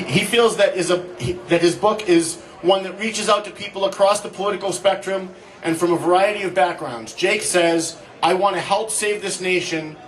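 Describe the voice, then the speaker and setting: High-voiced man introducing a rally speaker. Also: a bit bright. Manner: halting, restarts while reading. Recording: distant mic with faint noise.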